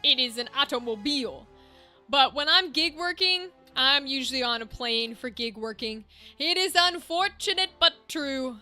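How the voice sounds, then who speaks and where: A young woman streams a video game over game music, chatting casually with viewers and thinking aloud as she sorts her gear. Her high-pitched voice is bright and forceful, with lively intonation at a moderate pace.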